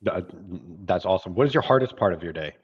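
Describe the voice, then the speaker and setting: A man's voice: deep voice, lively intonation, quick pace, slightly rough. A man hosting a casual interview, curious and often restarting his questions mid-sentence. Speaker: host, interviewer. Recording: dull lo-fi sound.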